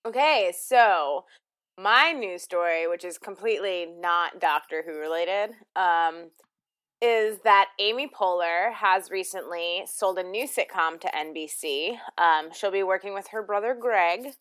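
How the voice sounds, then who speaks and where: A woman's voice: on the low side, a little slow, fairly bright tone, clear, resonant tone. A woman co-hosting a podcast in casual chat, blunt and matter-of-fact as she presents a news item.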